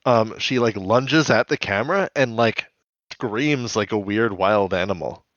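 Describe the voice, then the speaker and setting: A man's voice: on the low side, unhurried, a bit bright, dry recording. A man co-hosting a podcast in casual chat, rambling and giggly, with many restarts. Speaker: podcast co-host. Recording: dull lo-fi podcast audio.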